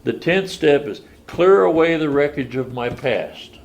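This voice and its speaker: A man's voice: on the high side, animated, a little slow, gravelly, dull audio. Older man telling his story plainly. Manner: plain-spoken storytelling, folksy grammar. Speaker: recovery meeting speaker. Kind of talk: personal testimony at a meeting. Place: meeting room.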